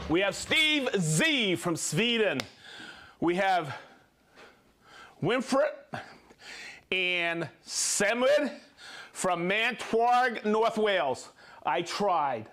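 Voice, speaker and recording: On his live show, a livestream host with a high-sitting, slightly bright voice calls out viewers' names and hometowns. He mixes in jokes, fumbles the harder place names, and tosses off quick asides.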